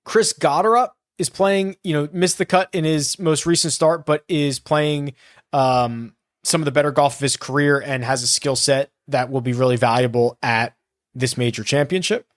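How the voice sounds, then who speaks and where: A man's voice: a little high, steady tone, normal speed, no room sound. Rambling man with a dry, close voice. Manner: rambling, self-correcting, thinks aloud. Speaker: fantasy golf podcast host. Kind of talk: casual solo analysis.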